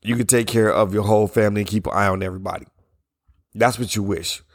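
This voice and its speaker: Hoarse, blunt man podcasting solo. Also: lowish voice, fairly even intonation, fast talker, no room sound, studio quality. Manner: blunt, opinionated, loose and conversational; yawning between sentences. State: hoarse, strained voice from yelling. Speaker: podcast host. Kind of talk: casual solo podcast monologue.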